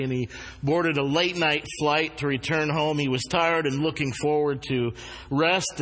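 Earnest preacher in a reverberant hall. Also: male voice, fairly high pitch, fairly bright tone. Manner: earnest, slows down to stress key words. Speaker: pastor. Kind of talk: sermon. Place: church sanctuary.

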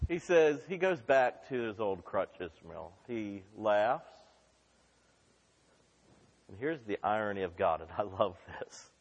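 A man preaching a sermon with fervor, dropping to hushed lines and rising to shouts. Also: lowish voice, sing-song, takes it slowly, pauses often, highs cut off. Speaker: pastor. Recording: long reverb of a large hall.

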